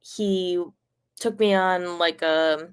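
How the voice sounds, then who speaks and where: This woman streamer has a fairly low pitch and a clean tone and speaks very slowly. She casually rambles through a personal story, full of "like" and free swearing, and gets animated.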